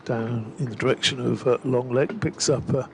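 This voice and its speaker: A man's voice: medium pitch, fairly even intonation, moderate pace, vocal fry, a little mellow, slight background noise. A man giving live, rambling cricket commentary with lots of fillers, from a gazebo at the ground. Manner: chatty, rambling with frequent fillers.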